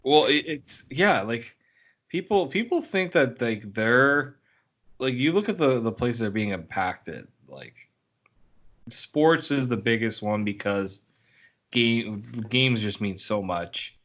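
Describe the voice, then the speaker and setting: A man talking sports on a podcast, rambling and filling pauses with "like". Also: mid-range voice, expressive, fairly bright tone. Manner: rambling, heavy use of "like". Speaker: podcast co-host and sports reporter. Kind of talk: casual chat.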